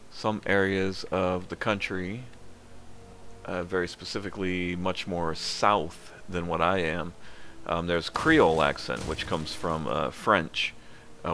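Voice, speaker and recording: Male streamer, very deep gravelly voice, loose rambling game chat. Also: a bit bright, a little hiss or hum. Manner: rambling, frank, with many fillers. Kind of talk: casual gameplay commentary.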